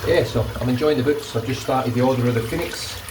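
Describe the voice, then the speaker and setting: A fast-talking man with a mid-range voice vlogs while shaving, rambling casually and swearing now and then. The recording is echoey and distant, with tap water running and background noise throughout.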